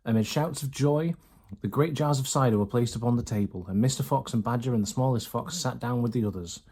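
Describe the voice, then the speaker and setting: A man reading a children's storybook aloud in a steady, even storytelling manner. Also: mid-range voice, fairly quick, slight background noise. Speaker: reader.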